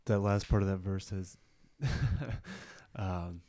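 A man in a casual Bible study group who talks haltingly and searches for words. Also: low-pitched, level tone, dark tone, dry recording. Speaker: group member.

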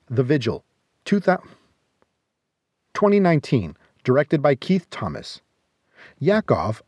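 A man's voice: on the high side, darkish tone, no echo. A man reading a scripted horror film countdown review with a wry, sardonic delivery.

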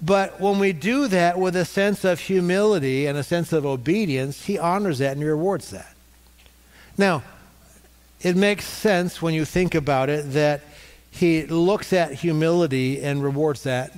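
Pastor preaching in a reverberant hall. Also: male voice, on the high side, darkish tone. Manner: repeats points for emphasis, pausing with fillers. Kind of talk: sermon.

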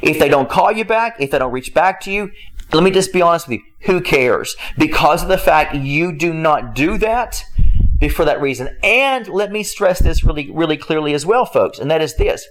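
A man's voice: on the high side, animated, normal speed, a bit bright. A man preaching a conversational sermon, emphatic and repetitive, often breaking off with a rhetorical "hello?" and chuckling as he talks. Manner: chuckles while speaking.

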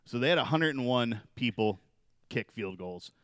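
A man's voice: mid-range voice, lively intonation, normal speed, a bit bright, clean tone, no echo, studio quality. A man co-hosting a beer podcast, talking casually and joking, with lots of "uh" while he tells a story. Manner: joking, news-reading segments with fillers. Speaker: podcast co-host. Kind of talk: casual chat.

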